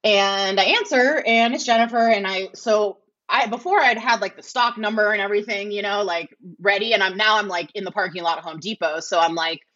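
A woman's voice: medium pitch, a little fast, few pauses, a bit bright, muffled recording. A woman guest telling a story casually, rambling with many filler words and acting out the conversations she had. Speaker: podcast guest.

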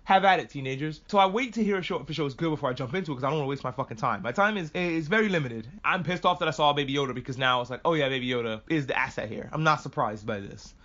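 A man hosting a podcast, recapping a show in a casual rant, profane and animated, drifting off on tangents. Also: on the high side, very fast, hardly any pauses, dull audio. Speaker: podcast host.

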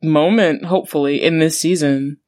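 A woman's voice: low voice, moderate pace, a little mellow. A woman co-hosting a podcast, giving wry, exasperated commentary in casual chat. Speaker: podcast co-host.

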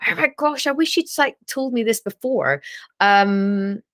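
A woman's voice: mid-range voice, very animated, measured pace. A Scottish woman, a podcast guest, chatting casually and laughing often. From Scotland. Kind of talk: casual chat.

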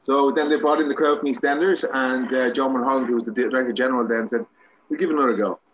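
A man's voice: mid-range voice, fairly even intonation, fast talker, highs cut off, a little hiss or hum. An Irish man, a guest actor, telling rambling, self-mocking anecdotes with many restarts in a casual interview.

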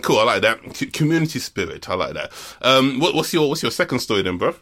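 A man's voice: medium pitch, sing-song, fast talker, fairly bright tone. A man hosting a podcast in a laid-back, slangy chat, calling his guest mate and bruv. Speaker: podcast host.

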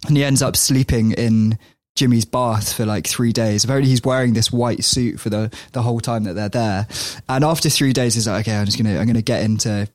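A man's voice: mid-range voice, steady tone, normal speed, a little mellow, dry recording. A young man spins a long, loose anecdote on a chatty podcast, tripping over his restarts and laughing as he goes. His voice sits in a middle register and sounds close and dry, with little room around it. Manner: rambling, laughs often, many restarts. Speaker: podcast host telling a story. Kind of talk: casual storytelling chat.

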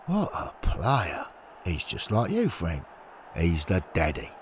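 A man voicing an older male football fan who comes across as gruff and doubtful. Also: deep voice, huge pitch swings, slow pace, slight background noise, heavily acted. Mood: delighted.

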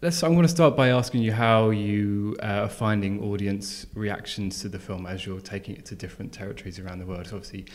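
A man's voice: lowish voice, fairly quick, few pauses. A man interviewing a film director, asking long, winding, earnest questions.

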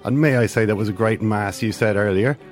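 A man's voice: fairly low pitch, a little fast, soft background music, close to an everyday voice. A man putting on a creepy, crawly politician. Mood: fawning. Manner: oily, ingratiating. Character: creepy fawning male local politician.

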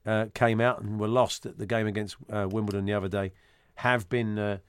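A man's voice: on the low side, level tone, brisk, clean tone, dry recording. Teasing male host. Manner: teasing, jokey banter. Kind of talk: casual chat.

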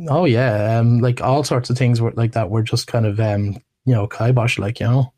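A man speaking as a guest in a casual podcast interview. He talks in a relaxed, hesitant way with frequent ums and restarts. His voice sits at an average pitch. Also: moderate pace. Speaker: guest, massage therapist.

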